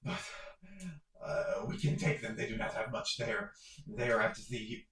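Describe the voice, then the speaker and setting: A man's voice: on the low side, big pitch swings, measured pace, vocal fry, a bit bright, exaggerated voice. A man voicing a beaten, desperate wildling who stammers out his report, in an echoey room.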